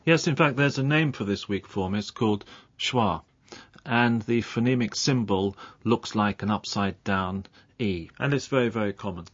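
A man explaining English pronunciation as a radio guest, speaking clearly and carefully and saying example sounds out slowly. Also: fairly low pitch, no echo. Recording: dull lo-fi broadcast audio.

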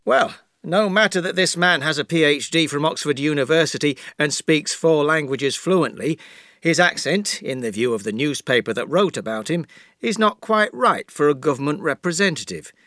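A man with a Yorkshire accent, a professor answering questions as a guest in a scripted interview, explaining in a measured way. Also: on the high side, lively intonation, a bit bright, dry recording, clean studio sound. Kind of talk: scripted listening-exercise interview.

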